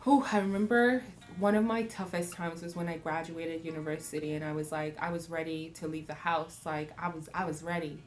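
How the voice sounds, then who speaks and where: Animated woman chatting over soft music. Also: low-pitched, brisk, hardly any pauses. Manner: animated, laughing often, acting out voices. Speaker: parenting vlogger. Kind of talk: casual reflective talk. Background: faint acoustic music.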